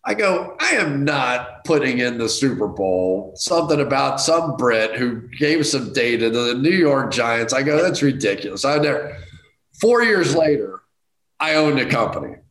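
A middle-aged man tells a casual anecdote as a guest. His voice sits at an ordinary middle pitch and jumps to high, excited outbursts. He is self-deprecating, and the recording carries a roomy echo. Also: moderate pace.

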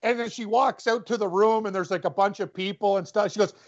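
A man's voice: high-pitched, fairly quick, lo-fi sound. A man co-hosting a sports podcast, telling stories animatedly and acting out other people's lines. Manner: animated storyteller, acts out quoted voices. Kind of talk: casual chat.

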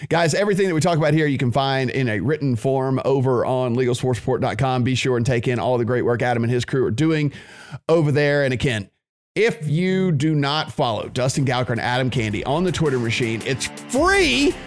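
A man's voice: mid-range voice, a little fast, darkish tone. A man hosting a podcast in casual chat, easygoing and playful. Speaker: podcast host.

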